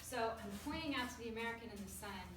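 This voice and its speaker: A woman telling a personal story to a live audience, lively and often laughing at her own tale. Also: a little high, fast talker. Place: storytelling event before an audience. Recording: roomy live recording from a distance, noisy.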